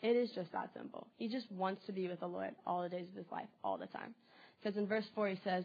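A woman's voice: medium pitch, animated, fairly quick, gravelly, muffled recording. A woman giving a devotional sermon in an earnest, conversational way, often saying "like" as she talks. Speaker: preacher.

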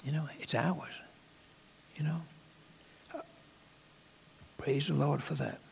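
A man preaching a sermon in a conversational, halting way, with asides to the congregation. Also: on the high side, fairly even intonation, creaky, big-room sound, a little hiss or hum.

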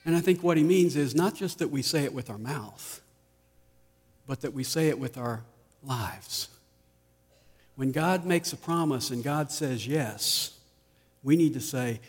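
A man preaching a sermon as pastor, slow and deliberate, often letting his voice fall soft at the ends of lines. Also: a little high, slightly rough. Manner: slow, deliberate preaching with dramatic drops in volume. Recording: long reverb of a large hall.

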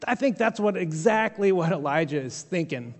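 Man pastor, chatty joking sermon, higher voice, long hall reverb. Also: expressive, moderate pace. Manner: conversational storytelling with humorous asides.

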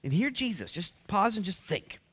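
Energetic man preaching a sermon. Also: high-pitched, moderate pace, slightly rough. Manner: energetic, acts out voices of people in stories. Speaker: pastor.

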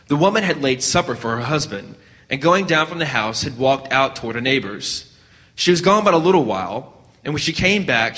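A man reading a story aloud at a measured pace, now and then restarting a word. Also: medium pitch, pushed and bright, in a large hall. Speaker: narrator.

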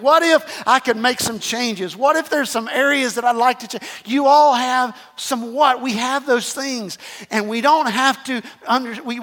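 A man's voice: very high voice, sharp tone, big-room sound. A man preaching a sermon, repeating phrases emphatically and calling the congregation to respond. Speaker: pastor.

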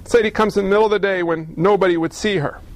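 A man's voice: high-pitched, fairly even intonation, racing. A man preaching a sermon, with rhetorical questions and jokes. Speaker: pastor.

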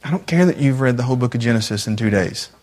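A man's voice: mid-range voice, animated, fast, darkish tone, voice pushed down, close to an everyday voice. A man voicing Jesus in a sermon, asking short, pointed questions of a believer. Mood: searching. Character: patient, gently questioning Jesus speaking to a believer.

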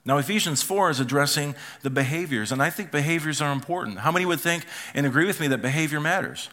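Quick and forceful, with a bright, higher-leaning pitch, a middle-aged pastor shares stories about his family during a sermon in a church auditorium. He voices his relatives as he goes.

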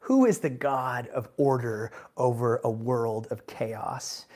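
A male pastor preaches slowly in a medium-pitched voice, animated and emphatic, swinging from quiet asides to loud bursts. He keeps it conversational, often checking in by asking the congregation "right?"

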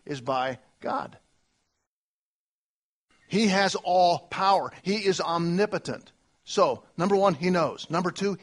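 A man preaching a sermon to a church congregation, emphatic, with long spoken lists and big swings between loud and soft. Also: high-pitched. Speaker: pastor.

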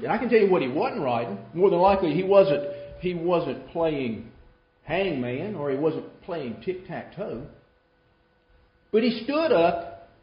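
Male preacher, dramatic storyteller, big-to-hushed dynamics; dull, roomy live pickup. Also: mid-range voice, a little hiss or hum. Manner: dramatic storytelling, swings between loud and hushed. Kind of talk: sermon.

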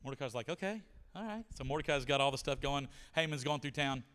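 A man preaching a sermon in a church, retelling a story with animated voices for the characters. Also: medium pitch, quick pace, clear, resonant tone. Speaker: pastor. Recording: reverberant church hall.

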